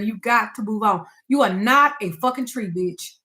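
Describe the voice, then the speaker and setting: A woman's voice: on the high side, moderate pace, few pauses, pushed and bright. A woman speaking to her audience as a spiritual advisor and tarot reader, frank and emphatic, with blunt swearing. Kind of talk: candid talk to camera.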